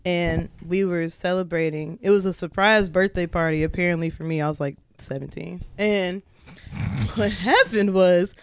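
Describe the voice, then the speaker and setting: A young woman as a podcast guest, telling a funny story in a casual, animated way, acting out the people in it in high voices and laughing often. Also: moderate pace, clean tone.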